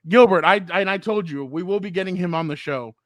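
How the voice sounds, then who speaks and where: Podcast co-host, man, high-pitched, animated storyteller, dry close mic. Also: fast talker, no room sound. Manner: animated storyteller, acts out quotes. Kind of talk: casual chat.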